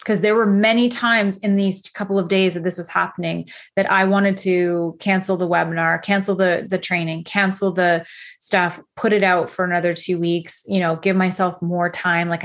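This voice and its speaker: A woman in her thirties giving a candid, energetic motivational talk as a coach, full of casual fillers. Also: medium pitch.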